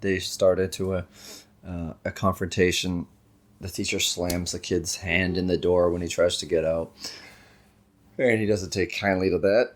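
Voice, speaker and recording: Low-voiced man recapping a movie jokingly. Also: moderate pace. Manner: jokey, animated retelling with put-on quotes. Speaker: podcast co-host. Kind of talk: casual movie recap chat.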